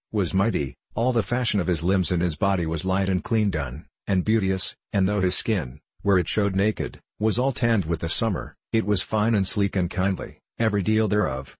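A man narrating an old-fashioned tale aloud in a measured, formal storytelling manner. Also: low voice, slightly rough, no echo. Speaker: audiobook narrator. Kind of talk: scripted narration of an archaic tale.

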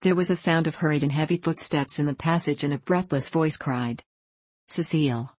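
A woman narrating a classic novel aloud in a steady, measured way. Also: low-pitched, dry recording. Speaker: audiobook narrator. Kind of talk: scripted narration. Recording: dry close recording.

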